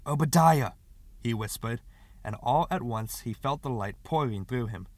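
A man reading a short story aloud as an audiobook narrator, in expressive scripted narration. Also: medium pitch, no room sound.

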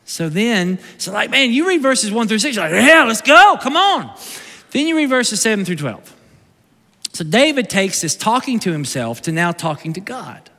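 A male pastor preaching a conversational sermon, moving from loud bursts to hushed, slow lines, recorded live in a church sanctuary. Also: sits high, sing-song, big-room sound.

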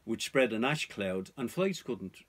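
A man's voice: lowish voice, expressive, unhurried, husky. A man vlogging about off-grid life, talking to viewers in an earnest, cautionary way. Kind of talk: casual advice to viewers.

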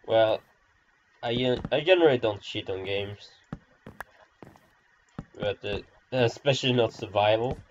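Man doing slow, self-deprecating gameplay commentary; dull lo-fi recording with faint noise. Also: lowish voice. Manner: rambling, self-deprecating, sarcastic. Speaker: gamer.

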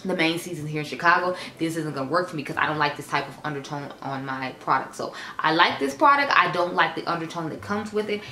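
A woman's voice: low-pitched, expressive, fast, few pauses, pushed and bright, reverberant. A woman giving a frank, chatty makeup review, with lots of fillers. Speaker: beauty vlogger. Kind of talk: casual product review.

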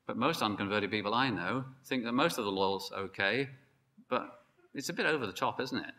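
A man preaching a sermon, emphatic and building to excited peaks. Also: mid-range voice, brisk. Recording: long hall reverb.

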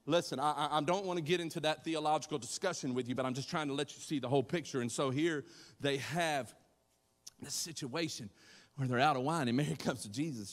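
A man preaches to his congregation in a lively, conversational way, joking and acting out the people in his story. His voice sits a bit high for a man. It rings out with a long reverb from the church hall. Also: brisk. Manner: animated, conversational, acts out voices and jokes with the congregation. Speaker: pastor. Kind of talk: sermon.

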